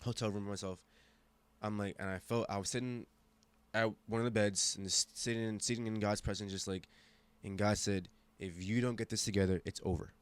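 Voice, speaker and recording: A man in his twenties from Germany, guest on a podcast, telling a story with emphatic, animated delivery and many restarts. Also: lowish voice, brisk, smooth, no room sound. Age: 20s. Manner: animated, emphatic, acts out quoted voices, frequent restarts. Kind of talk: casual storytelling conversation.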